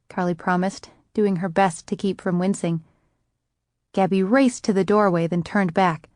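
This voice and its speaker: A woman narrating a romance audiobook in a measured, even storytelling manner. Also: medium pitch, no room sound, studio quality.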